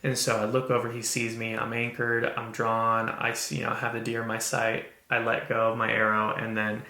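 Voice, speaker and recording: A man hosting a podcast, telling a personal story in an earnest, halting way with many restarts. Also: mid-range voice, completely flat delivery, creaky, pushed and bright, echoey room. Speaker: podcast host. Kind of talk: casual storytelling.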